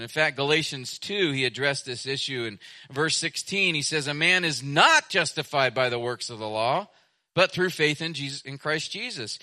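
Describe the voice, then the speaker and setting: A man preaching a sermon as pastor, emphatic, repeating his phrases and swinging between loud stretches and soft, hushed ones. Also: on the high side.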